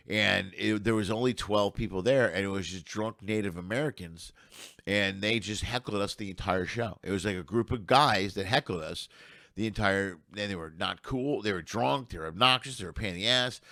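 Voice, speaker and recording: A middle-aged man with a gravelly, rather low voice tells rambling road stories in an easy, profane way. The sound is close and dry, with no room around it. It is a relaxed podcast chat. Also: no echo. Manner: rambling, swearing road-story teller. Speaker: comedian guest. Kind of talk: casual storytelling chat.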